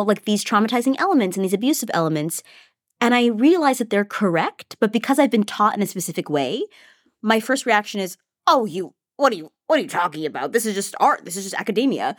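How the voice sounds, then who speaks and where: A woman's voice: medium pitch, no echo, clean studio sound. A woman co-hosting a casual podcast, a teacher talking her reactions through reflectively. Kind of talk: casual chat.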